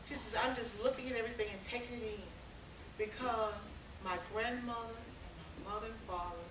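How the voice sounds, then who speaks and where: A woman's voice: on the high side, a little fast, noisy background. A woman giving a seminar talk, telling anecdotes and acting out the voices in them. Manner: animated, acts out voices in anecdotes. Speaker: speaker. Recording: echoey hall, mic from far off.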